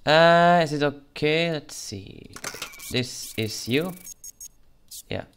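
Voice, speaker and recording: A gaming channel host does let's play commentary in a fairly high, lively voice at a slow pace, with a fairly bright tone and slight background noise. Playing a border guard, he puts on a playful Russian-style voice and mutters as he reads documents.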